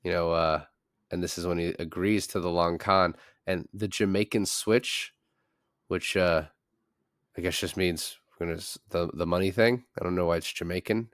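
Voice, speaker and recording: Deep-voiced man recapping a movie. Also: normal speed, no echo, clean studio sound. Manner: relaxed, rambling recaps with "like". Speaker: podcast co-host. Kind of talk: casual chat.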